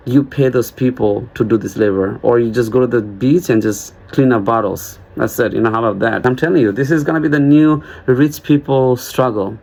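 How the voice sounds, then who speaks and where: A man talks straight to his audience in a loose, rambling vlog. He jokes his way through his point, keeps restarting sentences and slips into quick acted-out exchanges. His voice sits at an ordinary middle pitch. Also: vocal fry, a little mellow. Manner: rambling, joking, acts out little dialogues. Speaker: vlogger. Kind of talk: casual monologue to camera.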